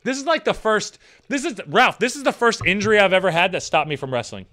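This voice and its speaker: A man's voice: high voice, animated, fast, bright, forceful tone. A young man streaming live, reading out chat comments and ranting with plenty of swearing.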